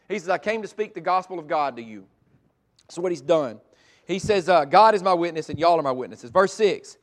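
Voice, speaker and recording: A middle-aged man preaching a sermon, moving between loud emphatic lines and quiet gentle passages. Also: high-pitched, expressive, fairly quick. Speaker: pastor.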